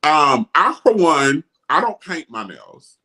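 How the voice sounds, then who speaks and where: A man's voice: a little high, takes it slowly. A middle-aged man hosting a casual talk show, speaking emphatically and animatedly. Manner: animated, emphatic, quotes others in mocking voices. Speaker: host. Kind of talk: casual discussion.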